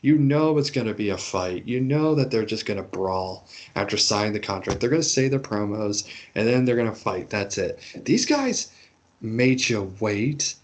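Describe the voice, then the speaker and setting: A man co-hosting a casual wrestling chat, animated and acting out quotes. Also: lowish voice, brisk, few pauses. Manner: animated, acts out quotes in raised voices. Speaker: podcast co-host.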